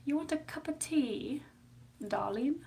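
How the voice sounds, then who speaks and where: A woman doing a fussy older British lady, put-on British accent, cooing, raised pitch, a bit of vocal fry. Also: expressive, a little slow, mellow, full character voice. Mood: doting. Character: fussing older British lady, motherly and doting.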